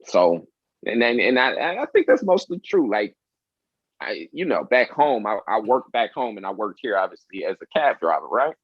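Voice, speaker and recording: A man chats on a podcast, telling stories with a lively, swooping pitch and acting out what people said. His speech is blunt and full of swearing. The sound is dull and lo-fi, close and dry. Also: moderate pace, husky, no room sound. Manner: animated storyteller, acts out quotes, swears a lot. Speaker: podcast co-host. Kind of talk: casual chat.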